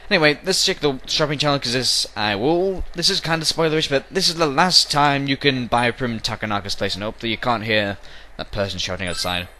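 A man's voice: medium pitch, brisk, hardly any pauses, sharp tone, slight background noise. Rambling jokey young man playing a game. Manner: rambling, jokey, breaks into silly voices and snatches of song. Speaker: let's play commentator. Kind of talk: casual game commentary. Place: bedroom at home.

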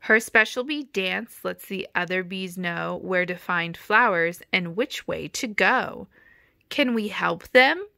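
Slow, gravelly woman reading aloud. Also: lowish voice, pushed and bright, dry recording, clean studio sound. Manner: rhythmic rhyming storytelling. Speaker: storybook reader. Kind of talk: children's read-aloud narration.

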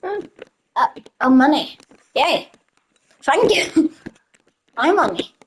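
A woman's voice: high voice, drawn-out words, slight background noise, poor audio. Giggly young woman chatting through a game. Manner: giggly, chatty, easily excited. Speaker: gamer. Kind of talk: casual gameplay commentary.

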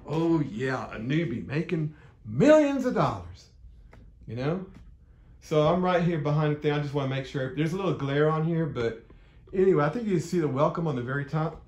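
A fairly high-voiced man talks off the cuff in an unscripted marketing vlog. He rambles, restarts his sentences and turns blunt when he gives his pep talk. The mic sits back from him in a roomy space. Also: brisk, darkish tone, far from the mic. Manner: rambling, full of fillers and restarts. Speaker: affiliate marketer.

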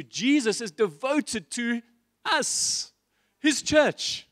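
High-voiced preacher with a dry sound. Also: male voice, no echo. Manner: impassioned, repeated rhetorical questions to the congregation; shifts between loud emphasis and soft, low asides. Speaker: pastor. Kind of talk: sermon. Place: church stage.

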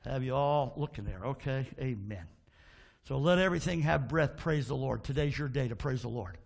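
A pastor preaching a sermon in a church, fervent, calling out to the congregation for responses and dropping into folksy asides. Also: male voice, mid-range voice, expressive, normal speed, creaky. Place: church sanctuary.

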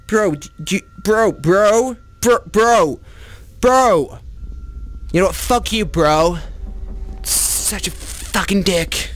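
A gaming YouTuber playing a VR horror game, chatty and swearing, who talks to the monsters in a mock bro voice and shrieks when scared. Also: male voice, high voice, very slow, dry recording. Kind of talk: comedic VR horror let's play.

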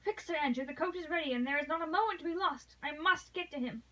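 A woman's voice: sits high, fast, bright, forceful tone, far from the mic, pitched above the performer's own voice, rough recording. A woman voicing a noble English lady who pleads with passion, read aloud from a novel. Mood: pleading. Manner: impassioned, pleading.

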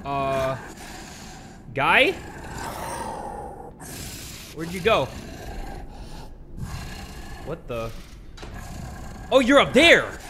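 A man commenting on a horror game he plays, joking, swearing and yelling in panic at the scares. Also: sits high, takes it slowly, pauses often, background noise. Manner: excitable, screams and yells at jumpscares; jokey, swears a lot. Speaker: gaming YouTuber.

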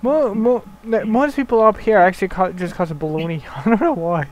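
High-voiced young man laughing through a game. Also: brisk, slight background noise, low-quality recording. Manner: laughs often, swears, jokey. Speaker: let's play player. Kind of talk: casual gaming commentary.

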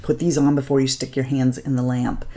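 A woman's voice: extremely low pitch, flat delivery, brisk, dark tone. A middle-aged woman beauty vlogger chatting casually through a makeup routine, homey and upbeat with a faith-tinged sign-off. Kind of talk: casual get-ready-with-me chat.

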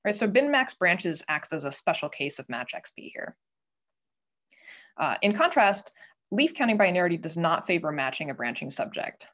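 A woman giving an academic talk at a colloquium, explaining step by step in a measured way with frequent filler pauses. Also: lowish voice, sing-song, a bit bright, muffled recording. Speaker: guest speaker at a linguistics colloquium. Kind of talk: academic lecture with slides.

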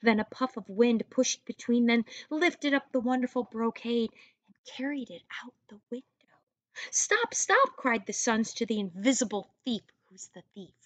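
A woman teacher reading a storybook aloud to young children, pausing to ask them questions in soft, hushed asides. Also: fairly high pitch, no echo.

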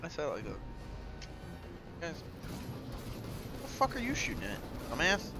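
A man giving live commentary on his gameplay in a high, bright voice that leaps wildly up and down. He swears freely and playfully taunts his foes as he plays. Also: normal speed, soft background music. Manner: profane, excitable, playful taunting of enemies. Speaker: streamer.

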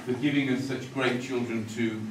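A man's voice: mid-range voice, level tone, normal speed. Self-mocking man thanking a crowd. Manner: self-mocking, chatty, laughing often. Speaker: cast member thanking the audience after a school play. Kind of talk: joking stage thank-you speech. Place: school hall stage before an audience. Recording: echoey hall, mic far off, loud crowd and noise.

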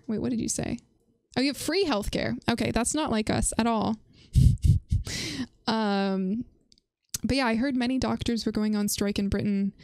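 A woman's voice: medium pitch, a little mellow, no echo. A woman hosting a casual livestream chat, answering chat messages and laughing often as she talks. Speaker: livestream host.

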